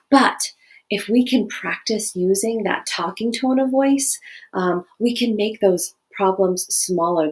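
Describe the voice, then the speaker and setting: A woman teaching a lesson to children and families in a gentle, questioning way. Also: on the low side, creaky. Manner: gentle, questioning, animated demonstrations.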